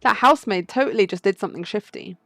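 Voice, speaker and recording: A woman's voice: mid-range voice, lively intonation, fast, a bit bright, no echo, faint music behind. Woman reading an eager naive sparrow sidekick. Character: eager, clueless young male sparrow sidekick. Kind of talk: game playthrough read-aloud.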